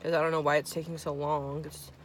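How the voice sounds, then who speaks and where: A woman's voice: sits low, little pitch movement, a little fast, a little hiss or hum. A woman in her twenties telling a casual storytime while eating, chatty and profane, acting out her friends' lines. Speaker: vlogger.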